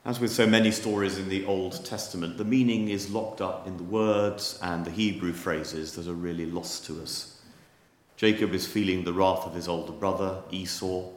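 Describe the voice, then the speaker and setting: A man preaching a sermon, telling stories in a measured, wry manner. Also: low voice, fairly even intonation, reverberant. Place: church.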